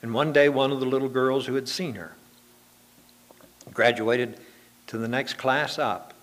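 A man's voice: medium pitch, a little slow, a bit bright. A man preaching a sermon to his congregation, telling homely anecdotes in a conversational, folksy way.

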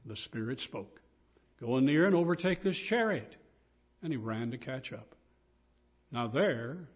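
Older guy preaching, husky voice, kinda muffled recording, really emphatic. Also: medium pitch. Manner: earnest, emphatic preaching with scripture quotes. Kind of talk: sermon.

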